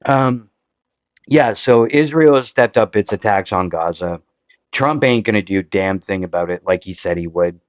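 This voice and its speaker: A man's voice: on the low side, animated, normal speed, clean tone, no room sound, lo-fi sound. A Canadian man hosting a podcast, giving casual political commentary in an impassioned, frustrated way, full of rhetorical questions. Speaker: podcast host.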